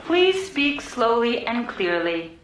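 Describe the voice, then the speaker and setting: An actress voicing a calm, prim automated voice of a lift in a sketch. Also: female voice, fairly high pitch. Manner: prim, measured, robotic politeness. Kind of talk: TV sketch comedy. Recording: echoey, with audience laughter.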